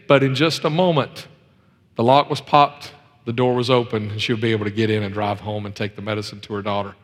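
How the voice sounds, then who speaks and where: A pastor preaching a sermon, swinging between loud emphasis and hushed asides, telling folksy stories with many repetitions. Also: male voice, on the low side, fairly even intonation, brisk, big-room sound.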